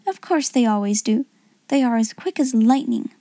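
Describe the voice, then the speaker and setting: A woman voicing a clever, imaginative young schoolgirl in a soft whispered role-play, hushed and wondering. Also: on the high side, moderate pace, dry recording, lightly acted.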